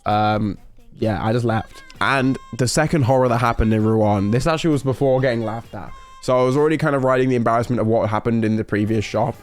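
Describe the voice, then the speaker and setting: A man's voice: medium pitch, fast talker, soft background music. A young man from the UK telling a story in casual stream chat, rambling and interrupting himself, laughing often.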